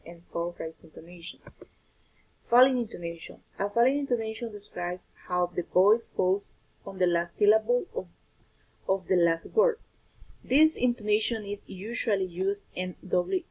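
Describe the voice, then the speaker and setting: Breathy woman reading a lesson. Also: mid-range voice, darkish tone, poor audio. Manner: careful, slightly halting delivery with self-corrections. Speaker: student presenter.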